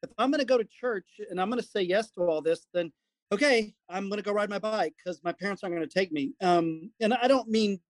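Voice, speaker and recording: A middle-aged man, a guest, telling a lively personal story and acting out what people said. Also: high voice, brisk, dry recording. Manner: animated storyteller acting out quotes. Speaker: guest, comedy performer. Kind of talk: storytelling in casual conversation.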